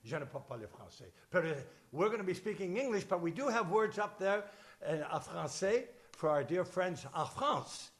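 A man leading a church service as pastor, emotional and chatty, fumbling with his notes and screen between warm asides. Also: high voice, very animated, normal speed. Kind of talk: sermon with casual asides. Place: church service shared over video call.

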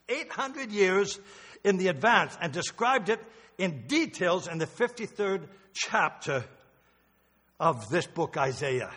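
A man's voice: high voice, fairly bright tone. Older man preaching in an echoey church. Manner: emotional, rambling with restarts. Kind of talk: sermon. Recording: long hall reverb.

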